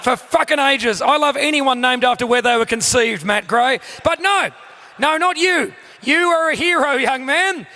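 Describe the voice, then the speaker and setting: Australian comic host, male, high bright voice, loud exasperated sweary stage banter. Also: normal speed. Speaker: comedian and live show host. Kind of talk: live stand-up comedy with audience banter. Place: stage in a venue with a live audience.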